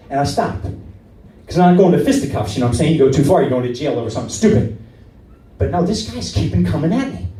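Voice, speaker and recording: A man telling a driving story as stand-up comedy, acting out shouts and asides to the audience. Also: a little high, echoey room, far from the mic, rough recording.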